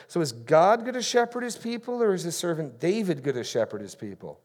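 A man's voice: a little high, sing-song, fairly quick, hardly any pauses, darkish tone. A man preaching a sermon in church, reading scripture with rising emphasis on key phrases. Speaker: pastor.

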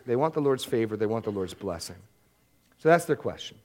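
A man's voice: medium pitch, animated, a little fast. A man preaching a Bible-teaching sermon in a conversational way, often repeating words as he restarts a thought.

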